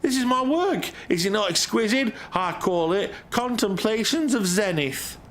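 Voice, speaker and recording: A man's voice: high-pitched, lively intonation, a little slow, a bit bright, pitched above the performer's own voice. A man voicing a small, vain male moogle artist with a preening, self-admiring manner. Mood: proud.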